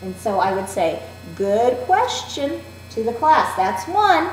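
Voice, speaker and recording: A woman teacher demonstrating a classroom activity in a clear, deliberate, instructive way. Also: mid-range voice, big pitch swings, slight background noise. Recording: roomy echo.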